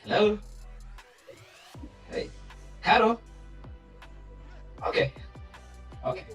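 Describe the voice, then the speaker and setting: A man's voice: high-pitched, level tone, drawn-out words, fairly bright tone, echoey room, distant mic, soft background music. A man moderating an online panel, probing with questions and lots of fillers. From East Africa. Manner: probing, repeats words, many fillers. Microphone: video call.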